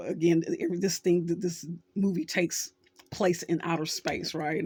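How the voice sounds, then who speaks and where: A woman's voice: low-pitched, a little mellow, husky, no room sound. Storytelling middle-aged woman host. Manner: conversational, storytelling with acted quotes. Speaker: social worker and channel host. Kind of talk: casual talk to camera.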